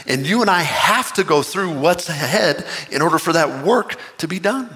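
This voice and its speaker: A man preaching a sermon, impassioned and earnest, with excited rising bursts. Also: a little high, moderate pace, few pauses, long reverb tail. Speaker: pastor.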